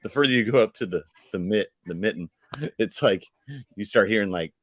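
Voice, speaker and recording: A man with a Southern drawl chats loosely on a sports podcast, cracking jokes and laughing between lines. His voice sits a little low and sounds close and dry, with no room around it. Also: fairly quick, dry recording. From North Carolina. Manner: laughs often, jokey and animated. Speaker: podcast co-host. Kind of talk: casual podcast chat.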